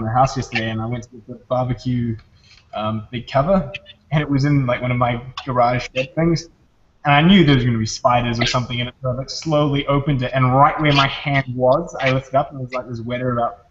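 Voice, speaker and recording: A man with a New Zealand accent telling stories in a relaxed way with lots of fillers, in casual chat on a video call. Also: mid-range voice, a little fast. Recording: muffled video-call audio with faint hiss.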